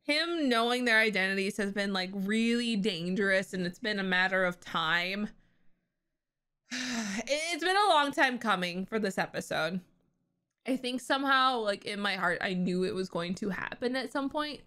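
A woman's voice: mid-range voice, expressive, normal speed, sharp tone, smooth. A young woman reacting to a cartoon episode on her vlog, emotional and thinking aloud, laughing through her upset. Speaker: reaction vlogger.

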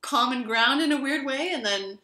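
A woman's voice: high voice, moderate pace, pushed and bright. A woman vlogger telling a story and musing aloud, with many "you know"s, in an echoey room. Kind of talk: reflective storytelling vlog.

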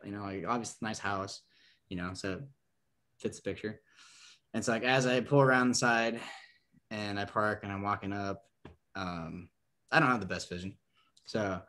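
Young guy from nebraska telling a story, lots of like and um, kinda low voice. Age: young adult. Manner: rambling, full of "like" and "um"; acts out the people in his story with lively quotes. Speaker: guest. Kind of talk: casual storytelling.

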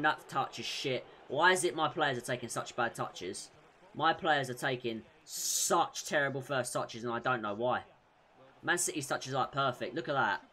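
A young man commentating on his own football video game, bursting into loud shouts at goals and sinking into muttered frustration in between. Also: fairly high pitch, animated, moderate pace, a little hiss or hum. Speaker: gaming YouTuber. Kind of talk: excitable gameplay commentary.

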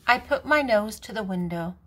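An older woman, a grandmother, reading a children's picture book aloud in a gentle, even way. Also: medium pitch, normal speed, slightly rough. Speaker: storybook reader.

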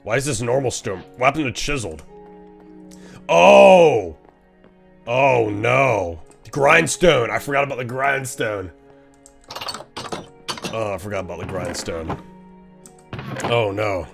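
A man streaming a game, giving casual, excitable commentary, laughing often and teasing other players. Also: medium pitch, measured pace, vocal fry, long pauses, faint music behind.

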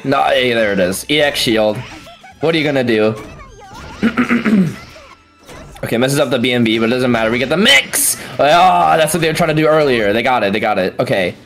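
A tournament commentator doing excited fighting game play-by-play, yelling and swearing at big moments, then breaking the action down quickly in between. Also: mid-range voice. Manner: explosive yelling and swearing, frequent exclamations; calmer fast breakdowns between outbursts.

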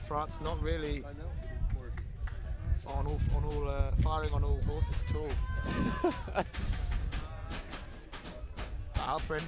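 A man giving live play-by-play commentary on a match, chatty and quick to get excited. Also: a little high. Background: loud music.

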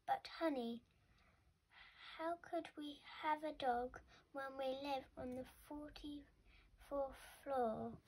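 A woman's voice: high voice, fairly even intonation, slow, darkish tone, rough recording. A woman voicing a kind, patient mother in a storybook read-aloud, speaking in a soothing, explaining way. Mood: gently reasoning.

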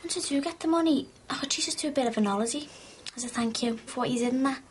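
A woman's voice: sits high, natural voice. An actress playing a chatty young woman. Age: young adult. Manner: chatty, quick. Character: cheerful young woman, chatty teen about to inherit. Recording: noisy TV drama audio.

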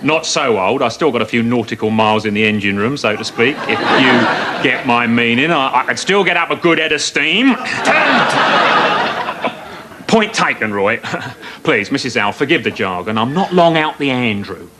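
A man's voice: mid-range voice, sing-song, unhurried, very noisy. An actor playing a middle-aged ex-navy father, hearty and chummy, dropping nudging innuendo in a sitcom. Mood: jovial. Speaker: visiting father, ex-sailor. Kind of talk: 1990s TV sitcom acting.

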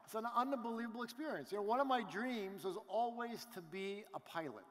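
Motivational stage speaker, man, middle-aged, lively storyteller, hall reverb. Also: sits high, fairly quick. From Canada. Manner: animated storytelling with crowd asides. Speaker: business event speaker. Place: large event hall.

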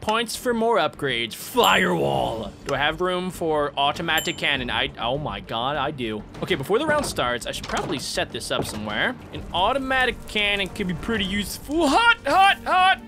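An excitable young man narrates his Minecraft game in a high voice, breaking into sudden yelps and jokes. His pitch jumps all over the place as he talks. Game music plays clearly underneath. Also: moderate pace, few pauses. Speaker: gaming YouTuber. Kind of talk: Minecraft gameplay commentary.

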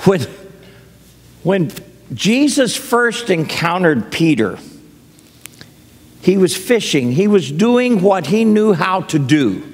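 A man's voice: high-pitched, sing-song, slow, long pauses. A man preaching a sermon in a folksy storytelling way, acting out the people in his stories. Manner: folksy storytelling, acts out quotes. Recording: long hall reverb.

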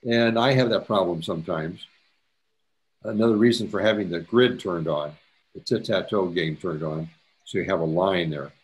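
A man's voice: low voice, moderate pace. A man teaching a step-by-step photo editing tutorial, chatty, repeating himself and dropping jokey asides. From Canada. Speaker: photography instructor. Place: presentation to a camera club.

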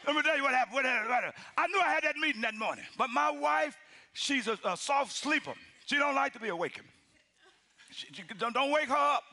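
A middle-aged male pastor telling a story in a sermon. His delivery is animated and acted out, shifting between loud shouted lines and hushed near-whispers. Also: very high-pitched, quick pace.

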